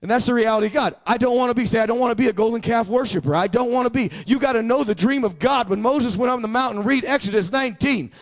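Pastor, male, high voice, emphatic sermon delivery with call-and-response prompts to the congregation. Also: fast talker, hardly any pauses.

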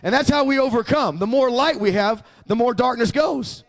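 High-voiced, emphatic male preacher. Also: moderate pace, gravelly. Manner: emphatic, with call-and-response prompts to the congregation. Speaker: pastor. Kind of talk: sermon.

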